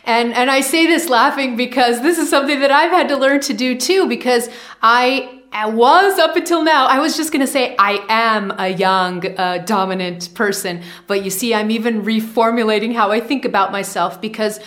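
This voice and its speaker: A woman with a slightly high voice speaks to camera as a spiritual teacher. She repeats key phrases for emphasis and often checks in with her listeners. Her delivery is that of a practiced teaching monologue. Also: a little fast, a bit bright. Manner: repetitive, emphatic phrasing with frequent checks of okay.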